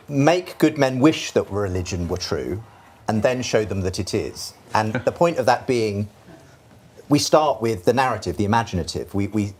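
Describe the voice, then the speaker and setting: A man on a discussion panel who speaks earnestly and reflectively, letting his voice drop softer on key words. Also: fairly low pitch, husky. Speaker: Christian panelist.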